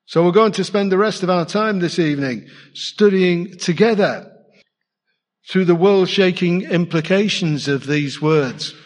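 A pastor delivers a sermon in a reverberant church hall, speaking conversationally and putting questions to the congregation. His voice sits high and his pace is unhurried.

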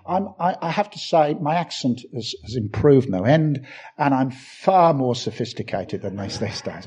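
A man's voice: medium pitch, expressive, moderate pace, a little mellow, husky. An older man from England with a Birmingham accent, preaching a sermon with emphatic repetition and self-deprecating asides.

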